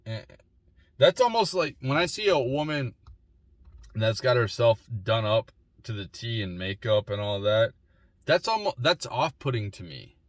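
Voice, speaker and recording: A man's voice: medium pitch, big pitch swings, a little slow, dry recording. A man in his forties giving a rambling, opinionated solo monologue with frequent restarts and repeated words. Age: 40s. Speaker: vlogger.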